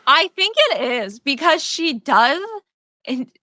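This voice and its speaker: A woman co-hosting a casual horror movie podcast, lively and slangy in her speech. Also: high voice, slow, dry recording, studio quality. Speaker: podcast co-host.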